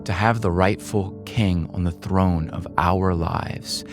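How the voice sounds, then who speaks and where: Low-voiced impassioned male pastor. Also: steady tone, slow pace, over music. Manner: impassioned, stumbles and repeats words. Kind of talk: sermon. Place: church.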